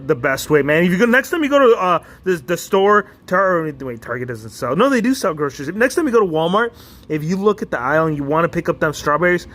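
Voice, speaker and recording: A man talks through wrestling results in a loose, joking ramble, his voice sitting a little high for a man. He drifts between points and tosses in quick mock voices along the way. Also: a bit bright. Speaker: wrestling reviewer. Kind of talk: casual review commentary.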